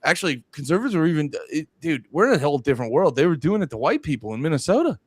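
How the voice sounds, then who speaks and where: Animated man in casual podcast chat. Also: fairly high pitch, rapid-fire, slightly rough, no echo. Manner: animated, jumps into mocking voices of others. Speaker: podcast co-host.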